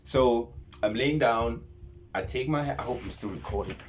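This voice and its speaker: A man's voice: mid-range voice, moderate pace, a little hiss or hum. Man rambling through a vivid story. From South Africa. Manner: rambling, animated retelling with whispered asides and many restarts. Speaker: spiritual vlogger. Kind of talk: casual storytelling monologue.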